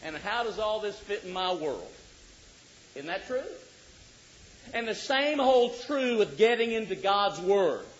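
A middle-aged man preaching a sermon, joking with the congregation and rising to shouts for emphasis. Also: sits high, big pitch swings, a little slow, long pauses, slight background noise. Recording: dull lo-fi recording.

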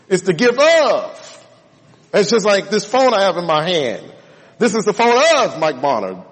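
A man's voice: high-pitched, breathy edge. A man preaching a sermon, stressing and drawing out key words to make his points. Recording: long hall reverb.

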